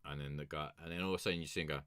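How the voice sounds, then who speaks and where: A man's voice: a bass voice, steady tone, rapid-fire, a bit bright, clear, resonant tone, no echo. A young man hosting a music review stream, telling a rambling, sweary story in a casual chat.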